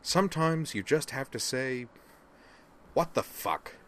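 A man's voice: medium pitch, animated, takes it slowly, a bit bright, pitched above the performer's own voice. A man voicing an earnest, expansive human man in an audiobook reading, rambling and emotional.

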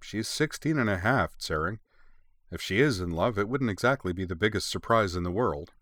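An easygoing father who likes to tease, with dry humor, as a man reads him. The voice is deep, with a crisp, bright tone. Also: normal speed, no room sound. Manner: dry, deadpan teasing. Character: joking, easygoing middle-aged father.

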